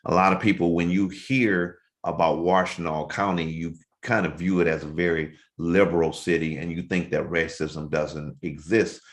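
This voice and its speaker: A man's voice: deep voice, fairly even intonation, normal speed, hardly any pauses. A man hosting a casual interview over a video call, affirming and conversational with his guest. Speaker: show host.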